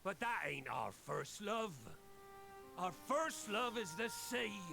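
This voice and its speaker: An actor playing an older, gruff pirate captain who talks in old-fashioned pirate speech and gives stern, rousing speeches. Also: male voice, high voice, big pitch swings, takes it slowly, exaggerated voice. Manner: scolding, rousing oratory. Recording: game audio under music.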